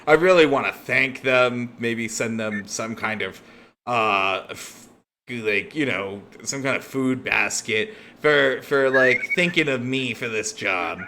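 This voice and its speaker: A man's voice: mid-range voice, slow, pushed and bright, a little hiss or hum. A man voicing a cocky male street thug who rambles flippantly, full of fillers and half-finished thoughts.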